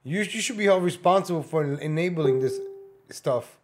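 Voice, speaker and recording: A man with a somewhat high voice hosts a reaction commentary. He talks bluntly and mockingly over a clip, swearing freely. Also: moderate pace, a little hiss or hum. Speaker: commentary host.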